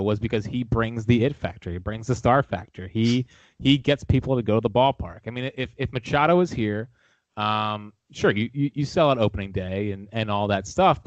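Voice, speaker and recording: A man's voice: fairly low pitch, no echo. A man, a guest on a podcast, in casual sports chat, opinionated and enthusiastic. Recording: dull lo-fi recording.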